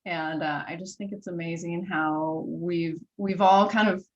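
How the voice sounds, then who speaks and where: A woman's voice: on the low side, steady tone, measured pace, dull audio, slight background noise. A woman hosting an interview, telling stories with enthusiasm and acting out dialogue. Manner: enthusiastic storyteller, acts out dialogue. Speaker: host. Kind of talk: conversational interview.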